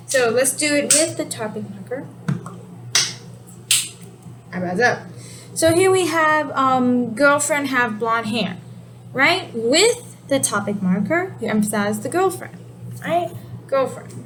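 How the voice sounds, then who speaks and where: Woman teacher, high voice, casual explainer, steady noise behind her. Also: takes it slowly, long pauses, low-quality recording. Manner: explanatory, relaxed, self-correcting. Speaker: sign language teacher. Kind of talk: casual video lesson.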